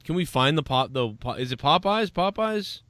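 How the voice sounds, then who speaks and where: A man co-hosting a casual chat show, reacting loudly to a video, swearing, laughing hard and mimicking people. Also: mid-range voice, fast, no room sound. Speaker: podcast co-host.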